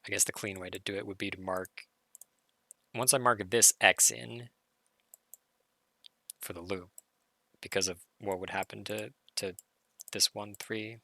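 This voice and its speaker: A hoarse man solving a logic puzzle live, muttering through his reasoning and self-correcting as he goes. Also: lowish voice, steady tone, unhurried, long pauses, sharp tone, no echo. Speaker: puzzle streamer. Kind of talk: thinking-aloud live puzzle solve.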